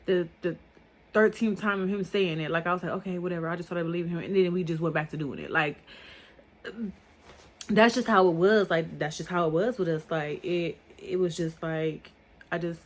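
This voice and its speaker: A young woman talks straight through a personal storytime in a loose, rambling way. Filler words pile up as she circles back and restarts. Her voice sits a little low for a woman. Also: fairly quick. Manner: rambling, filler-heavy talk. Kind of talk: casual storytime monologue.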